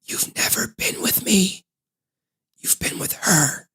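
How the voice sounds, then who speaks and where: A man voicing a ghostly young woman in a hushed, unvoiced whisper, as whispered role-play. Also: high voice, level tone, drawn-out words, slightly rough, no room sound, pitched above the performer's own voice, full character voice.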